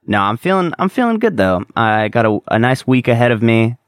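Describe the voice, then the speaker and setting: A man's voice: medium pitch, very animated, brisk, clean tone, no echo, clean studio sound. A young man hosting a solo podcast, talking candidly and rambling, with casual swearing. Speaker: podcast host.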